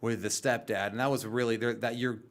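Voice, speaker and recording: A man in his thirties hosting a casual podcast, chatty and animated, laughing and chiming in with his own memories. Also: mid-range voice, brisk. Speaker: podcast host.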